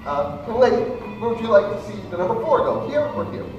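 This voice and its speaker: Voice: medium pitch, quick pace, lo-fi sound. Stage magician, comic patter, mock panic, distant camera mic, echoey hall, music behind. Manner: animated storytelling, mock panic. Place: live show hall. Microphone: camera mic from the audience.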